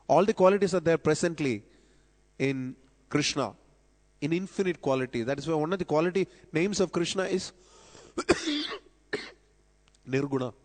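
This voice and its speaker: A man delivers a devotional sermon in a temple hall, his somewhat higher voice carrying a long reverb. He explains scripture patiently and lifts his voice when he quotes a verse. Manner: explanatory, quotes scripture with rising emphasis, coughs now and then. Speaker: speaker at temple festival lecture. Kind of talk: devotional lecture.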